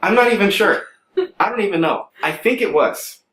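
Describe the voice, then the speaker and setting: Animated young man telling a comic story. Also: high-pitched, moderate pace, a little hiss or hum. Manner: animated, exasperated, comic emphasis. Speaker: storyteller vlogger. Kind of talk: casual storytelling to camera. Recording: roomy room with faint background music.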